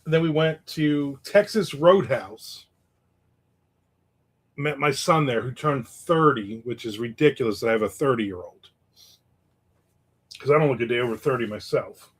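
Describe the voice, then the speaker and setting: A middle-aged man chats loosely on his livestream, drifting from story to story and stopping to read out viewers' comments. His voice sits at an ordinary middle pitch for a man. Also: unhurried, long pauses, husky. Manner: rambling, reads viewer comments aloud. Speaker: livestream host. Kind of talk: casual livestream chat.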